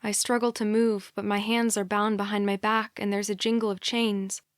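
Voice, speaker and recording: A woman narrating a young adult thriller audiobook in a quiet, measured first-person reading. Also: mid-range voice, flat delivery, clean tone, no room sound, studio quality. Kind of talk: scripted narration.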